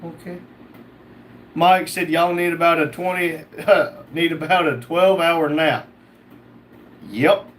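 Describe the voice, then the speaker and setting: A man's voice: on the high side, steady tone, slow pace, long pauses, a bit bright, slight background noise. A man hosting a casual livestream, reading out chat comments and joking back.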